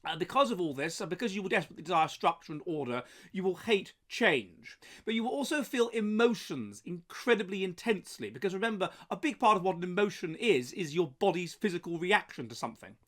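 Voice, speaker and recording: A man's voice: high voice, sing-song, fairly quick, hardly any pauses, a bit bright. A man hosting a solo commentary monologue, talking emphatically with frequent hesitations and restarts. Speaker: host.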